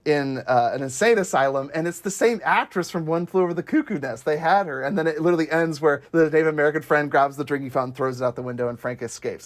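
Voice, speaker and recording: A man in casual podcast chat, recounting sitcom scenes with loose laughter running through his talk. He slips into short impressions of the characters as he goes, then drops back into his everyday voice. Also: medium pitch. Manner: laughs often while retelling scenes; acts out characters' lines in quick impressions. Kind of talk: casual chat about a TV show.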